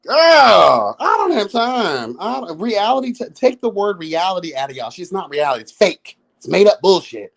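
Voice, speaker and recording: A man's voice: high voice, sing-song, moderate pace, few pauses. A man in his thirties, a reality show commentator, giving a profane, sassy, exasperated rant on a live review and calling his listeners girl and y'all. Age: 30s.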